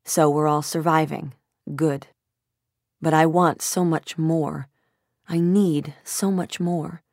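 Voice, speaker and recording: Low-voiced woman narrating an audiobook. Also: fairly even intonation, darkish tone, dry recording, studio quality. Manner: measured, introspective. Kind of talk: first-person audiobook narration.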